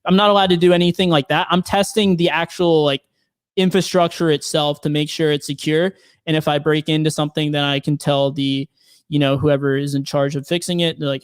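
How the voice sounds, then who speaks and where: A man's voice: fairly high pitch, flat delivery, a little fast, clean tone, dry recording, studio quality. A man working as a penetration tester, chatting casually as a guest and explaining his job with many fillers and restarts. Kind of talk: casual podcast conversation.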